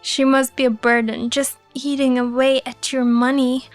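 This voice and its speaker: Snide young guy, woman reading him, mocking and scornful, high voice, slow drawl. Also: flat delivery, dry recording, faint music behind, natural voice. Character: sneering young man, mocking rival job seeker.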